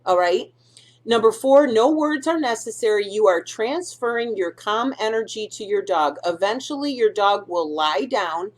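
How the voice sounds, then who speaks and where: A woman's voice: mid-range voice, expressive, moderate pace. A middle-aged woman hosting a dog-care video, talking casually through instructions and often checking in with "okay?" and "do you see?".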